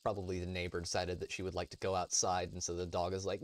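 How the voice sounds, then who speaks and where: A man's voice: deep voice, little pitch movement, fast talker. A man streaming a tank game with casual, joking, rambling commentary. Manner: joking, rambling, playfully theatrical. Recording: loud game noise behind voice. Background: tank game sounds.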